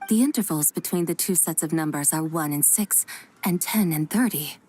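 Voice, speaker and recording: A woman voicing a calm, cerebral young woman in a video game who works through number patterns aloud. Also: low-pitched, background noise, close to an everyday voice. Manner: measured, precise, analytical. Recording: game audio with faint music.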